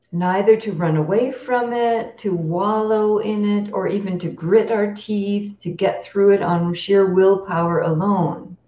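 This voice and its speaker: Woman meditation teacher, unhurried dharma talk, mellow tone, roomy lo-fi recording from a distance. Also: mid-range voice. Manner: slow, reflective, pausing with fillers and throat-clearing.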